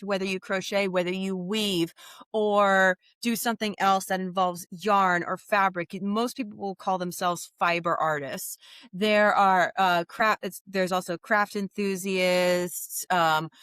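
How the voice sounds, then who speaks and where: A woman in her thirties, a podcast guest with a neutral Midwestern American accent, telling animated stories with quick asides and frequent laughter. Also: medium pitch, clean tone, no echo. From New Orleans. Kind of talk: casual interview chat.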